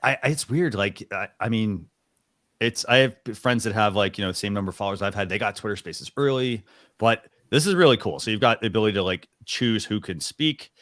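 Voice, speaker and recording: A man with a fairly low voice hosts a talk show and walks through a live demo. He rambles casually, full of fillers and restarts. His voice sounds dry and close, with no room around it. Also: fairly quick, fairly bright tone, dry recording. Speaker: show host.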